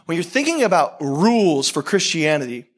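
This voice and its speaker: A man preaching a casual, conversational sermon, tossing in "right?" asides, restarting phrases and swinging between quick bursts and slow emphasis. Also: fairly high pitch. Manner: animated, talks to the crowd with frequent "right?" asides; self-deprecating, repeats and restarts phrases. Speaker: pastor.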